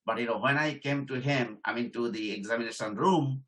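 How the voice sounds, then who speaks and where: A man's voice: medium pitch, fairly quick, a bit bright, rough recording. A middle-aged man giving an informal career lesson, repeating his points and checking in with "okay?". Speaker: career trainer and professor. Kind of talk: informal teaching talk.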